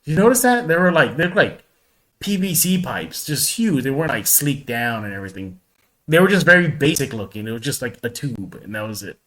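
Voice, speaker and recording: A man co-hosting a podcast in casual chat, animated and repeating words as he talks. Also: medium pitch, fairly quick. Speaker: podcast co-host.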